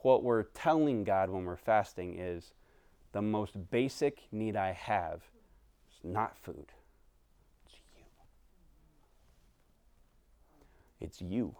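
A man preaching from the pulpit in a low, smooth, resonant voice, talking to his congregation casually and personally. He builds to animated bursts and drops back to near-hushed phrases. The sound is close and dry, with no room echo. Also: slow pace. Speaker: pastor. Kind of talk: sermon.

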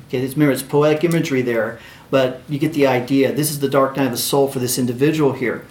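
A man's voice: mid-range voice, steady tone, fast talker, darkish tone, roomy sound. A man preaching a sermon, reading scripture aloud and talking it over in a conversational way, with frequent "right?" asides and restarts.

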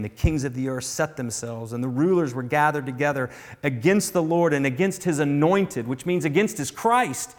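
A man preaching a sermon as pastor, swinging from loud, emphatic lines down to hushed whispers. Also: medium pitch. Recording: long reverb of a large hall.

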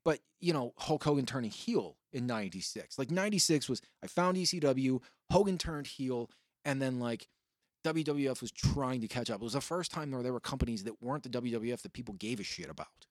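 A man hosting a casual podcast, talking in long, rambling, swear-filled stories that keep jumping up with excitement. His voice sits at an ordinary middle pitch. The recording is dry and close, with no room sound. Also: a little fast, no room sound. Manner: rambling, profane, excitable storytelling. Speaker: podcast host.

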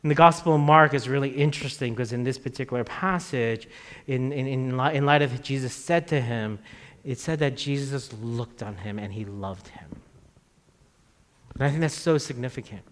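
Conversational pastor in a reverberant hall. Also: male voice, moderate pace. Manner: conversational preaching, dropping low on key phrases. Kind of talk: sermon. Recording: long reverb of a church hall.

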